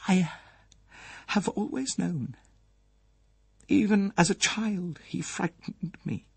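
A man voicing an elderly proud English lady, a grieving mother, who speaks hoarsely and with trembling emotion in an audiobook reading. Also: high voice, slow pace, no room sound, voice pushed up, full character voice. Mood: anguished. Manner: formal, remote, trembling with emotion.

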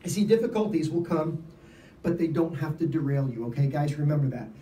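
A man giving an informal sermon, telling stories in an animated way and laughing often. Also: on the high side, brisk, reverberant, recorded from a distance, a little hiss or hum, low-quality recording. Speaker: lay preacher. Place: event gathering.

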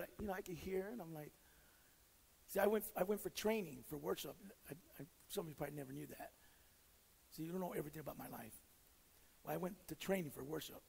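A man's voice: on the high side, darkish tone, in a large hall, low-quality recording. A male pastor preaching a sermon in a direct, joking way, mixing stories and teaching. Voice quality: raspy, gravelly. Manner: direct, joking, self-deprecating; repeats and restarts words. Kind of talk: sermon with storytelling.

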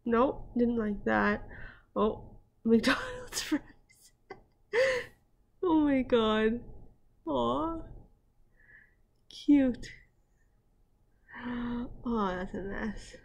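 A woman's voice: on the high side, big pitch swings, drawn-out words, gravelly, pauses often. A woman hosting a reaction video from home, chatting casually, exclaiming and laughing often as she comments. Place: at home with her dogs nearby.

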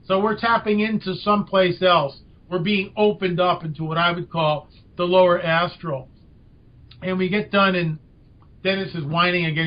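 Animated older man telling a story. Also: high voice, moderate pace. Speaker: podcast guest. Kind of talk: storytelling in an interview. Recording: dull lo-fi audio.

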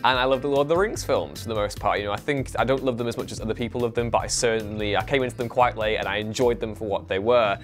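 A man's voice: fairly low pitch, fast talker, hardly any pauses, faint music behind. A man ranting animatedly in a casual panel chat, swearing and mocking film characters. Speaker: regular panelist.

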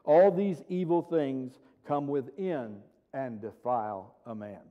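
Emphatic preacher in a reverberant church. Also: male voice, mid-range voice, slow. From United States. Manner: emphatic, rhetorical questions, reads scripture aloud. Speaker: pastor. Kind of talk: sermon. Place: church sanctuary. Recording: dull sound with long church reverb.

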